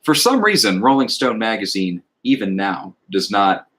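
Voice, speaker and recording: Guy with a lowish voice chatting about music, thoughtful, slows way down to recite lyrics. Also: very animated, fairly bright tone. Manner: reflective, quotes lyrics in a slow measured cadence. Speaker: podcast co-host. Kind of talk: casual music discussion.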